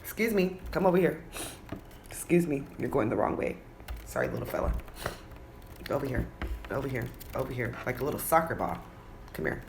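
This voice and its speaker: A woman's voice: rumbling low, animated, fairly quick, a little mellow. A woman coaxing her pet bird at home in a cooing baby-talk voice, with casual swearing, in a noisy home recording. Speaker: pet video host.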